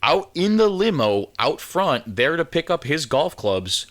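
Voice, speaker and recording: A man on a casual podcast spins a long personal anecdote. His voice is bright and forward. He circles back, restarts sentences and acts out what people said. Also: a little high, big pitch swings, unhurried. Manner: rambling anecdote teller with frequent restarts and acted-out quotes. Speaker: podcast co-host. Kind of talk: casual storytelling chat. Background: drinking from a can while talking.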